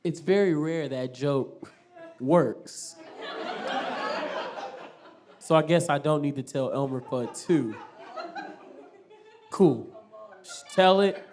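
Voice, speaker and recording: A stand-up comedian works a small theater crowd through a stage mic. His voice sits a little high for a man. He tells crude stories packed with swearing and bounces lines off the audience. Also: takes it slowly, pauses often, background noise. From Tulsa, Oklahoma.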